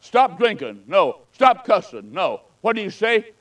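With a higher-pitched voice, this man delivers a sermon like a travelling evangelist, moving from loud, fervent appeals to quiet, hushed storytelling. His pitch swings widely, his pace stays measured, and the audio quality is poor.

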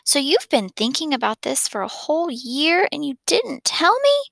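A woman reading the part of a shy, anxious young boy in a soft, half-whispered voice. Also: high-pitched, sing-song, moderate pace, vocal fry, no echo, studio quality, voice pushed up, heavily acted. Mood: anxious, pleading.

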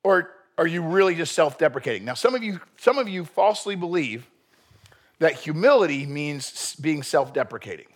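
A man preaching a sermon. His pitch is high and swings widely, and the tone is husky. He talks energetically and acts out quotes. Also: moderate pace. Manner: animated, acts out quotes, rhetorical questions. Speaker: pastor.

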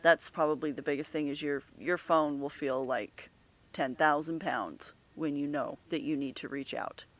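A middle-aged woman with a low-sitting voice speaks openly and earnestly in a candid conversation. She often halts and restarts her sentences.

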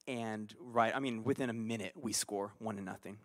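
A man preaching a conversational sermon, telling a personal story with animated swings between quiet asides and loud bursts. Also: lowish voice, normal speed. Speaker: pastor.

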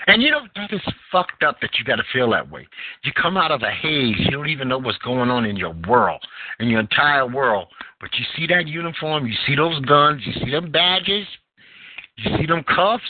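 A man's voice: normal speed, a little hiss or hum. A man hosting a podcast, telling a story in casual, profane chat with big swings of feeling. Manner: animated, profane storytelling with wide pitch swings. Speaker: podcast host. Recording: tinny phone line.

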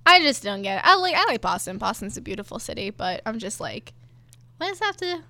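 A woman's voice: a little high, big pitch swings, fast, pushed and bright. A young adult woman co-hosting a podcast in casual, chatty talk, often laughing. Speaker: podcast co-host. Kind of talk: casual chat.

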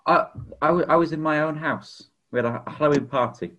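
A man co-hosting a casual film podcast, halting and giggly, often trailing off. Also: fairly high pitch, fairly bright tone, muffled recording. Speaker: podcast co-host.

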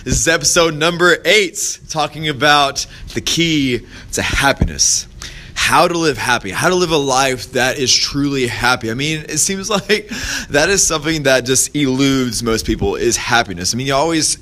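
Bright-voiced male podcast host. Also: expressive, normal speed. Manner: conversational, rambling with frequent restarts and fillers; acts out quoted voices in a higher pitch when telling stories. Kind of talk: casual motivational monologue.

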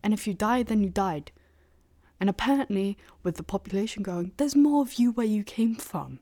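A woman's voice: medium pitch, lively intonation, moderate pace, warm tone. A young woman hosting a solo podcast, rambling bluntly and sarcastically and often dropping into a half-whisper. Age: young adult. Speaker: podcast host. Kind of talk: casual solo podcast monologue.

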